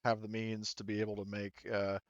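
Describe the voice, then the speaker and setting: A man's voice: lowish voice, completely flat delivery, fairly quick, highs cut off, background noise. A man running a tabletop game as game master, explaining rules with frequent hesitations. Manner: hesitant, lots of ums and uhs.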